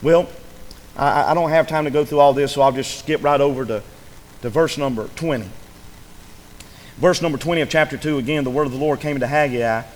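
A man preaching a sermon as pastor, telling a story with fervour, dropping to a hush and then rising to a shout. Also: mid-range voice, fairly quick, long pauses. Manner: fervent storytelling, swings between hushed and shouted. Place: church sanctuary. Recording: echoey hall with faint ambience.

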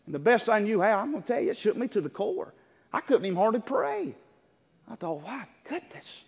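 An older man, a pastor, preaches to his congregation in an earnest, storytelling manner, often restarting his words. His high voice is sing-song and fast, with vocal fry and a breathy edge. Long hall reverb fills the church sanctuary.

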